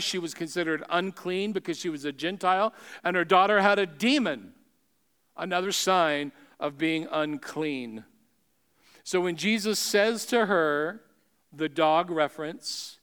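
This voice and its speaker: A man preaching a sermon with emphatic delivery that swings between raised exclamations and hushed asides. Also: a little high, smooth.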